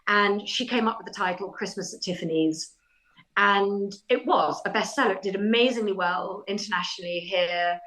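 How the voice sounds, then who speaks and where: A middle-aged woman, talking as a guest in a podcast interview. She tells her stories in a lively, chatty way, with self-deprecating humour and an easy conversational pace. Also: mid-range voice, moderate pace, rough recording. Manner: animated, chatty anecdotal telling with self-deprecating laughs. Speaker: author guest. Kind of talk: casual interview storytelling.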